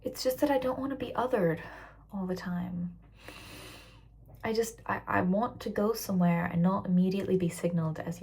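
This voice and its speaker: A young woman of about twenty speaks with a mixed British-American accent, tired after a shift. Her voice is breathy and husky. She rambles candidly through a casual vlog rant and often sinks into soft whispers. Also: mid-range voice, fairly quick. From raised internationally, living in Britain. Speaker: waitress vlogger.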